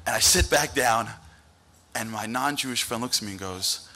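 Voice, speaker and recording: A man giving an animated storytelling speech at a dinner event, acting out the people he quotes. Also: medium pitch, moderate pace. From United States. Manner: animated, acts out quoted voices. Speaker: dinner speaker. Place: banquet hall event.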